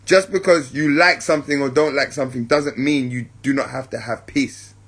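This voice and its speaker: A man hosts a spiritual podcast in a mid-range, fairly bright voice with a breathy edge and fairly even intonation. He talks reflectively and unhurriedly, repeating points for emphasis and often checking in with listeners he calls family.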